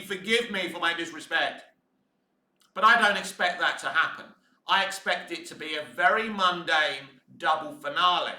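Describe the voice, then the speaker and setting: A man delivering a profane, ranting video commentary, swinging between low muttering and shouting. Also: echoey room. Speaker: fan commentator.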